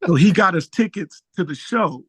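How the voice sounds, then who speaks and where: Animated male musician telling stories. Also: normal speed, slightly rough, no room sound. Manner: animated storyteller, acts out quotes with big pitch jumps. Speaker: interview guest, musician. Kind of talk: casual storytelling interview.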